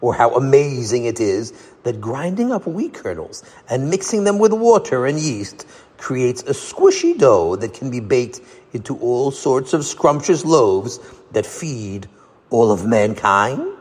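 A warm, patient rabbi leads his students with gentle teaching questions, as a man voices him. His voice is slightly husky and moves expressively through its range. The sound carries a long reverb. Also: mid-range voice, sing-song, measured pace.

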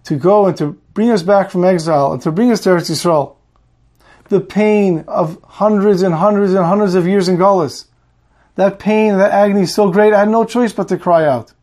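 A humble, pious old rebbe who pleads and explains himself earnestly, as a man puts him on in a story. The voice is high. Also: moderate pace, darkish tone, natural voice.

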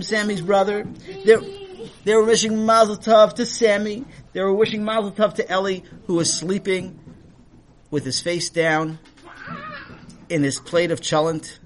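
A man narrating a children's story in an animated, playful way. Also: high-pitched.

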